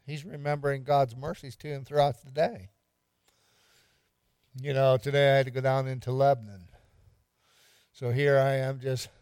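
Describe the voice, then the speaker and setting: A man's voice: medium pitch, a little mellow, clean tone, no echo, clean studio sound. A man pastor giving an interactive evening sermon, quizzing the congregation and repeating lines for emphasis with light humor.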